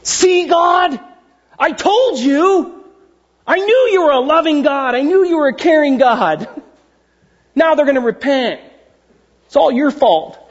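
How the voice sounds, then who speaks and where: A preacher putting on a whiny, sulking prophet. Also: male voice, sits high, lively intonation, normal speed, darkish tone, muffled recording. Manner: whiny, exasperated. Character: sulking reluctant prophet, whiny adult man.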